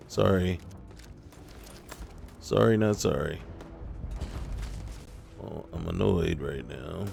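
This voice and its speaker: A man's voice: deep voice, slow, gravelly, pauses often, a little mellow, faint music behind. A man giving casual gameplay commentary, talking to himself and scolding enemies in mock indignation. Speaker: gaming YouTuber.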